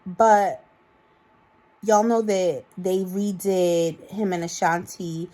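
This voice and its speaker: A woman in her thirties talks straight to her viewers with a New York accent, chatty and animated. Her voice sits a little low for a woman. She sounds loose and a bit tipsy, calling the audience y'all as she rambles through her thoughts. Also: slow. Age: 30s. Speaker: vlogger. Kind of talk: casual chat to camera.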